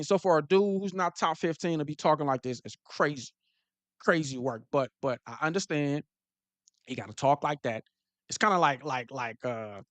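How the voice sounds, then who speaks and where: A man talks football straight to his viewers in loose slang, tripping over restarts as he goes. His voice sits a bit high. The sound is dry and close. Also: no room sound. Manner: animated, repetitive restarts and slang. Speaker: football talk show host. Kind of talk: casual sports commentary to live viewers.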